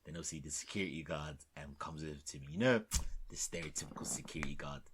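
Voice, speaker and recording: A man co-hosting a podcast, telling stories in animated slang-filled casual chat. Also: extremely low pitch, fast, slight background noise. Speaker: podcast co-host.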